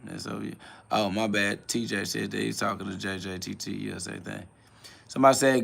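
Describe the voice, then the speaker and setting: A man's voice: lowish voice, fairly even intonation, normal speed, vocal fry, a bit bright. A man hosting a live stream, answering chat questions in a preachy, blunt way, with casual slang and quoted Bible verses. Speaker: livestream host.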